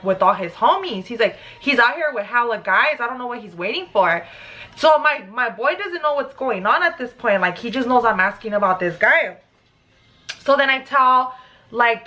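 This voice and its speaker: Young woman, fairly high voice, casual makeup storytime, animated, profane, heavy filler words. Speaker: beauty vlogger.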